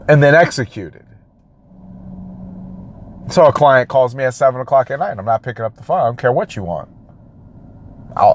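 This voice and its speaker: A man, a realtor, giving an emphatic motivational talk and repeating his phrases for effect. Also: a little high. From United States.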